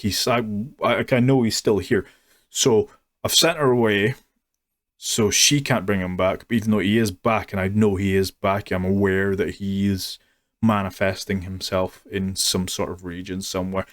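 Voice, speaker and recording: A man's voice: lowish voice, fairly even intonation, normal speed, no room sound, clean studio sound. A man reviewing a show in a sarcastic, mocking rant. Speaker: YouTube reviewer. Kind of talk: ranting review.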